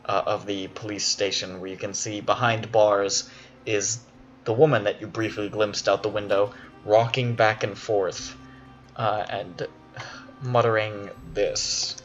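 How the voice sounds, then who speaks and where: A man running a tabletop horror game as game master, narrating with relaxed hesitations. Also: fairly low pitch, a little slow. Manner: relaxed, hesitant, laughs between lines. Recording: dull lo-fi, faint music.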